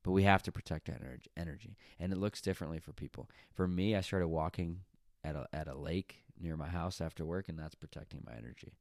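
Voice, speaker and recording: A man's voice: low-pitched, fast talker, vocal fry, no echo, clean studio sound. A man hosting a podcast, telling a rambling story in a chatty way full of asides and fillers. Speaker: podcast host. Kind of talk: casual solo storytelling.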